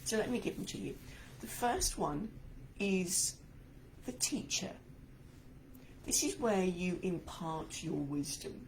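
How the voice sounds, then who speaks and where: A woman's voice: lowish voice, animated, slow, pauses often, a little mellow, a little hiss or hum, low-quality recording. A woman coaching speakers in a talk to camera, emphatic and encouraging, a little stuffy-nosed this morning.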